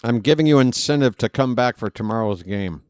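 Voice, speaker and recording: A man's voice: medium pitch, lively intonation, fairly quick, a little mellow, clear, resonant tone, no echo, clean studio sound. A man calling a live baseball game as a streaming host, in a rambling, jokey, self-deprecating way. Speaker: play-by-play streamer. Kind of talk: live play-by-play commentary.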